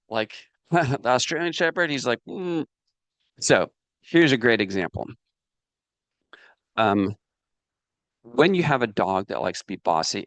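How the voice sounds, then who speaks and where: A man teaching a business course in a casual, animated way, often checking in with the listener. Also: on the low side, no echo. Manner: animated, asks "does that make sense" and "right" often; acts out inner voices and his dog.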